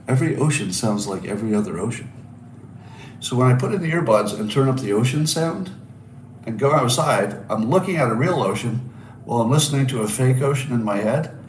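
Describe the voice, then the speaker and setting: A man's voice: mid-range voice, slight background noise. A man in his sixties hosting a casual solo livestream from a hotel room, telling stories wryly with rhetorical asides. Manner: wry, storytelling with rhetorical asides and restarts. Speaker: podcast host. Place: hotel room with balcony by the ocean. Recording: roomy echo, mic at a distance, faint ambience.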